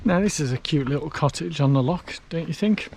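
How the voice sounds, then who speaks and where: A man's voice: a little high, a little fast, creaky, a little mellow, slight background noise. Chatty man vlogging on a long walk. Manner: chatty, self-mocking, thinks aloud with fillers. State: tired from hours of walking. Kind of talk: casual walking vlog, talking to camera. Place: outdoors on a canal towpath in hot sun.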